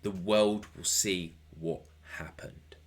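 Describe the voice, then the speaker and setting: A man doing a slow, ominous wrestler. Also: sits low, fairly even intonation.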